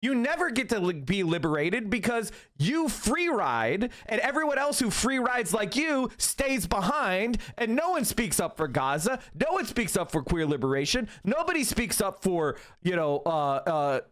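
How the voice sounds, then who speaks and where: A fired-up man in his thirties rants through political commentary on his stream, swearing freely. His voice sits fairly high and swings widely in pitch as he gets heated. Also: very animated, moderate pace, few pauses, a bit bright. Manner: heated, ranting, profane. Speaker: streamer host.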